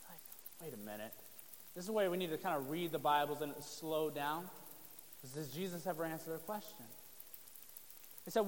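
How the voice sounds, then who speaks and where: A man's voice: a little high, expressive, a little fast. A man preaching a sermon to his congregation in a casual, conversational way, with joking asides. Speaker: pastor. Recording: long reverb of a hall.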